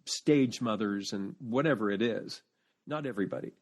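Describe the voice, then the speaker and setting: A man as a podcast guest, telling animated family anecdotes in casual chat and often restarting sentences as he searches for words. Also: lowish voice, normal speed.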